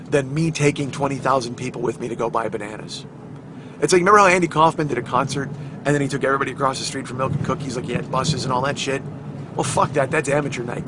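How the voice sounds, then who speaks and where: Recorded on a phone inside his car amid road noise, a man with a hoarse voice of medium pitch hosts a comedy podcast while driving. His talk is rambling, profane, and self-mocking.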